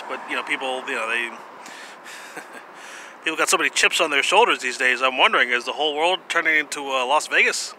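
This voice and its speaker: A man vlogging in a rambling, casual monologue, halting often with pauses and asides. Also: on the high side, lively intonation, sharp tone, a little hiss or hum. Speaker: vlogger presenting jutsu.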